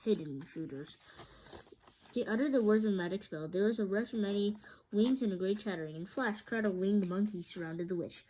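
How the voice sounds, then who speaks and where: A woman reading a children's book aloud, steady but often stumbling and restarting. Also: mid-range voice, a little fast, a little hiss or hum, low-quality recording. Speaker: storyteller.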